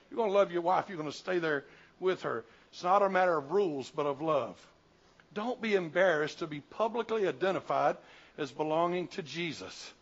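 Animated preaching pastor in his sixties. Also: fairly high pitch, normal speed. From Southern United States. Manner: animated preaching that swings from loud to hushed. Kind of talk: sermon. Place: church sanctuary. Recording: dull lo-fi church recording.

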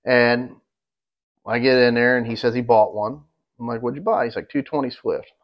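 A man telling a story on a casual podcast, rambling and swearing freely and voicing the people in it with plenty of heat. His voice sits at a middling pitch. The audio is a bit dull and lo-fi. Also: normal speed. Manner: rambling, profane, animated when quoting others. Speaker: podcast co-host.

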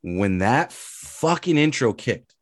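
Animated, swearing man ranting about fights. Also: medium pitch, slow, no room sound, studio quality. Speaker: podcast co-host. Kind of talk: casual sports chat.

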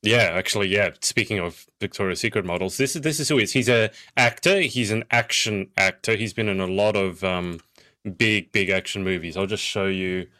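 A man's voice: on the low side, normal speed, bright, forceful tone. Playful man hosting a podcast. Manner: playful, teasing. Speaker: podcast host. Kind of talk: casual podcast chat.

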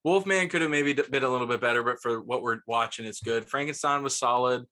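Bright-voiced laid-back podcast guy. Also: mid-range voice, fast. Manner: laid-back, says dude a lot. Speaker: podcast co-host. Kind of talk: casual movie review chat.

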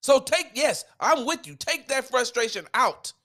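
A man's voice: very high-pitched, expressive, measured pace, a bit bright. Man ranting as sports podcast host. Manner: heated, emphatic ranting with slang. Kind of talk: solo sports opinion podcast.

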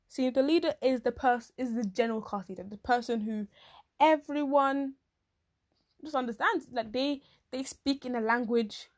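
A young woman with a fairly high voice rattles through a comic monologue in loose slang. She talks animatedly, throws in quick asides, and sometimes jumps into shrill voices to act out other people. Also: darkish tone. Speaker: vlogger. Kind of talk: comic casual monologue to camera.

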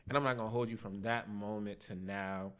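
A young man on a podcast, telling his life testimony in casual slang, animated and laughing at himself. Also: fairly low pitch, brisk, clean tone. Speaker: podcast guest.

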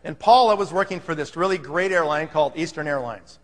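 At a business seminar, a man with a slightly high, slightly quick voice tells a story to a live audience, his sound carrying the spread of a big room. His delivery is emphatic and conversational, and he keeps checking in with "okay?"

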